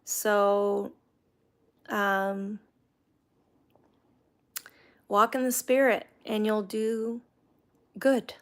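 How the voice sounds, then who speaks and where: A woman's voice: medium pitch, little pitch movement, extremely slow, long pauses. A middle-aged woman hosting a casual livestream chat, reading viewer comments aloud and talking about her faith. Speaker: livestream host.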